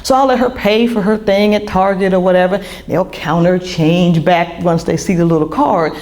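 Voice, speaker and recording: A woman's voice: on the low side, fairly even intonation, normal speed, a little mellow. A middle-aged woman, an author, giving a candid personal talk to an audience, full of restarts and fillers. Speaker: author and speaker.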